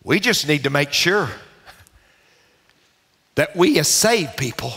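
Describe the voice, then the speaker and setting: A male pastor delivers a slow, deliberate sermon full of fervor. His voice swings widely in pitch and climbs into shouted peaks. A long church reverb trails after each phrase. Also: very animated, gravelly, slightly rough. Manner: impassioned, emphatic repetition, shouted peaks. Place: large church sanctuary.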